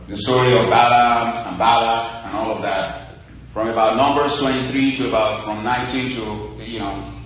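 A male preacher delivers a sermon in a very echoey room, with faint ambient noise behind him. He quotes scripture in a lilting, sing-song way and climbs to loud calls of praise. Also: mid-range voice. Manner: rising to loud exclaims of praise, scripture quoted in a singing lilt.

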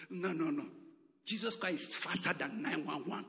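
A man's voice: fairly high pitch, normal speed, gravelly, sharp tone, in a large hall. A man preaching a sermon with emphatic calls and repeated exclamations.

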